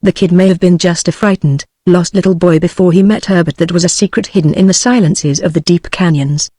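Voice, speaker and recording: A woman's voice: lowish voice, no room sound, clean studio sound. Synthetic British woman narrating evenly. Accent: British English. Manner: even, measured reading. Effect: text-to-speech voice. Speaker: audiobook narrator. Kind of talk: scripted narration.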